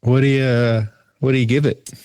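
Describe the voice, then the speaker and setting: A man co-hosting a film review podcast, mostly giving short, relaxed agreeing replies. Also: mid-range voice, fairly quick. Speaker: podcast co-host. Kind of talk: casual film review chat.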